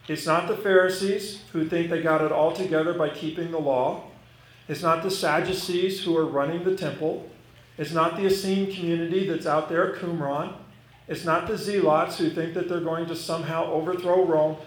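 A man's voice: fairly high pitch, moderate pace. A man preaching a sermon as pastor, stressing key words and repeating his main lines. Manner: emphatic, repeating key phrases. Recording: echoey room with some noise.

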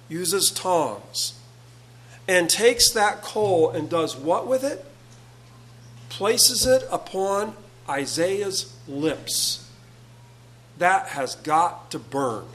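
Slow, earnest high-voiced male preacher. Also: fairly bright tone, rough recording. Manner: halting, repeats words, slow and earnest. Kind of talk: sermon.

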